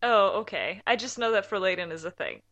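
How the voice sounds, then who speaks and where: A woman in casual chat, reacting to a story with swearing disbelief and drawn-out exclamations. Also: mid-range voice, animated, a bit bright, dry recording.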